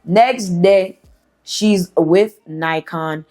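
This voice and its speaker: A woman's voice: fairly low pitch, drawn-out words, mellow. A woman telling a story in a casual, slangy, chatty way, swearing freely. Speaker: storyteller host.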